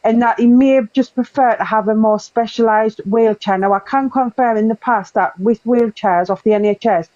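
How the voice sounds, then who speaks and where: A woman's voice: on the high side, moderate pace, few pauses, warm tone. A woman on a live stream who keeps cutting in to explain and clarify things at length. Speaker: daughter of the guest. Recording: lo-fi line.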